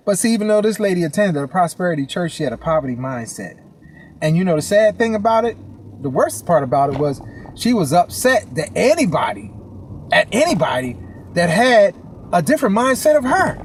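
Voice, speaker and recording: Animated man telling a motivational story. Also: sits high, moderate pace, husky. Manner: loud, laughing, street slang, acts out quotes. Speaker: motivational speaker.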